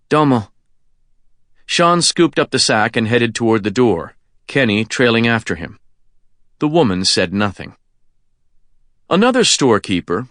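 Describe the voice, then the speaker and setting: A man narrating an audiobook thriller in a steady, measured storytelling voice. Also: on the low side, no echo, clean studio sound.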